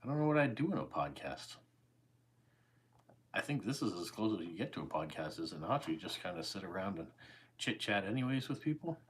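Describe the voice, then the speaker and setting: A man in his forties with a Canadian accent, chatting calmly and easily with viewers during a live stream. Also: fairly low pitch. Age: 40s. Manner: calm, easygoing, unhurried. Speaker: YouTube host. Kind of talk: casual livestream chat answering viewer comments.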